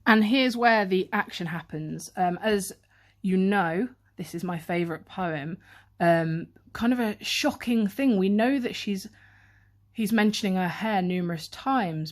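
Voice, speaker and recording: Recorded on a handheld camera, a woman teacher gives a revision lesson on a poem at a measured pace and medium pitch. She reads quotes aloud and explains them in close analytical detail.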